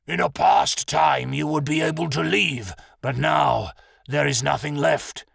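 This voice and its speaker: A man's voice: a little high, unhurried, fairly bright tone, no echo, clean studio sound, heavily acted. A man voicing a starving, menacing male bear in a fantasy audiobook. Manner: menacing, gravelly.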